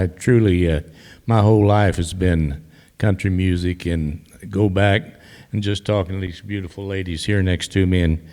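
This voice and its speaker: Folksy older man, dark hall echo. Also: low-pitched. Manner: folksy, meandering, many restarts. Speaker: audience member. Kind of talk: rambling public remarks. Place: library event hall. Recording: long hall reverb.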